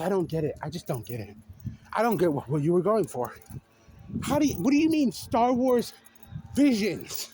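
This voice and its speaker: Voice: medium pitch, darkish tone, slight background noise. A young adult vlogger ranting off the cuff, exasperated and incredulous, firing off repeated questions and the odd swear word. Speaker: video creator. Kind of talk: unscripted rant to camera.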